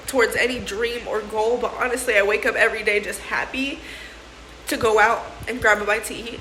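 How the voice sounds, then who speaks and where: A woman's voice: a little high, pushed and bright, slight background noise. A young woman talking casually to her vlog audience, emotional and slangy, often calling people "bro.". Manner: emotional, laughing through tears; slangy, says "bro" and "sis". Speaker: vlogger. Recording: echoey room with faint ambience.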